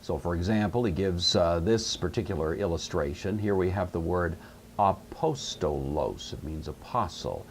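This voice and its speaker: A middle-aged man teaching Greek grammar in a recorded lecture, explaining patiently step by step and repeating key words slowly. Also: sits low, slight background noise.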